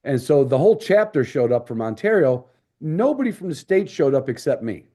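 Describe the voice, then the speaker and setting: A man's voice: medium pitch, sing-song, brisk, mellow. A man hosting a podcast, telling stories in a casual, rambling way with many restarts. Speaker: podcast host. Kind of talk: casual storytelling chat.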